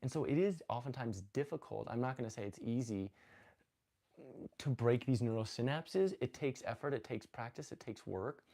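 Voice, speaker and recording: A man's voice: mid-range voice, moderate pace. A man hosting a live stream on spirituality, talking casually and earnestly, often restarting his sentences. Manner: rambling, self-correcting, earnest and animated. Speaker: host of a live spiritual talk. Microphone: phone.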